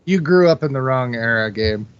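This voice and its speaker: A man's voice: medium pitch, animated, moderate pace, clean tone, no room sound. A man co-hosting a podcast, chatting about films in an agreeable, joking way. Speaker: podcast co-host. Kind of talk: casual film discussion. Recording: dull lo-fi audio with faint noise.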